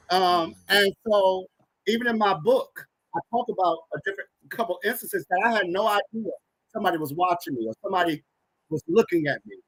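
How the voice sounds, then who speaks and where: Husky-voiced man in his thirties telling stories. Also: high voice, no room sound, low-quality recording. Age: 30s. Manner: animated, acts out quoted dialogue. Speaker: guest, organizational psychologist and author. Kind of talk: personal storytelling in a conversation.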